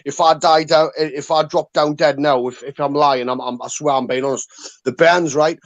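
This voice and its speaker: A man tells a story to a live online chat in a fairly high voice, earnest and full of swearing. His sound is dry and close, with no room around it. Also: fairly even intonation, normal speed, no room sound, dull audio. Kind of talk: casual banter.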